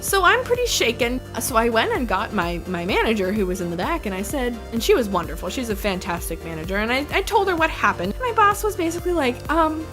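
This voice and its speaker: A young woman vlogger telling a story in a casual, animated way, laughing often and saying "like" a lot. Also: on the high side, quick pace, hardly any pauses, over music. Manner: animated, with frequent laughs and filler "like".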